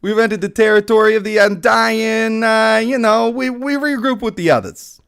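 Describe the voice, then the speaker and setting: A man voicing a brash, loud male elf in an over-the-top Jersey tough-guy manner. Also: sits high, normal speed, creaky, clear, resonant tone, pitched above the performer's own voice. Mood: boisterous. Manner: shouty, brash.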